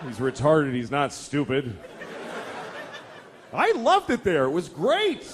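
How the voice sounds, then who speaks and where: Animated, profane man doing stand-up. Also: fairly high pitch, slow pace, a faint crowd, a little hiss or hum. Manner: profane, exasperated storytelling. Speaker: stand-up comedian. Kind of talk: stand-up comedy.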